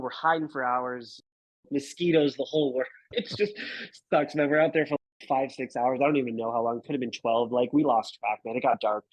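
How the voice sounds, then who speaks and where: Guest photographer in his thirties: husky, casual storyteller, lots of dude and bro. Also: medium pitch, no room sound, rough recording. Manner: laid-back, swears, says dude and bro.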